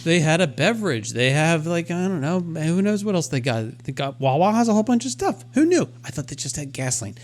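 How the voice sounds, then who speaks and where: A man with a somewhat high voice co-hosts a casual podcast. He tells his story in an animated, self-deprecating way and voices his own inner thoughts as he goes. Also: a little fast, hardly any pauses. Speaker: podcast co-host. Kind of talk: casual chat.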